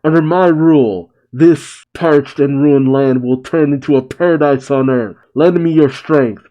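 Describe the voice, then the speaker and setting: Man reading a young shogun's victory speech from a comic, slow and declaiming, mellow tone. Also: mid-range voice, muffled recording, natural voice. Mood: proclaiming. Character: young male shogun giving a proud speech.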